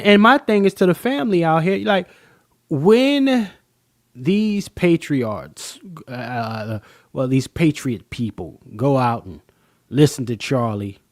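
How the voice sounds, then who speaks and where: A male podcast host speaking with a lively, swinging pitch and emphatic stresses. His voice sits a bit high, and the recording is close and dry. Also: dry recording. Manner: emphatic, drawn-out, addresses the chat as y'all. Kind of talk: live-stream podcast commentary.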